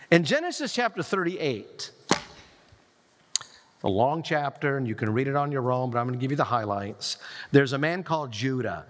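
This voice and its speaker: A man preaching a sermon, retelling a scripture story in a lively way with quoted lines. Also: mid-range voice. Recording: long reverb of a large hall.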